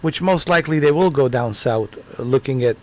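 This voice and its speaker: A man's voice: medium pitch, a little fast, a little mellow. A man live-streaming a game, casually and playfully talking back to the characters. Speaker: gaming streamer.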